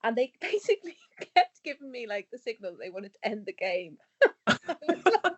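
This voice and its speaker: A woman's voice: on the high side, very animated, a little fast. A woman co-hosting a podcast in casual chat, talking in a chatty, self-mocking way and laughing often. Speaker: podcast co-host.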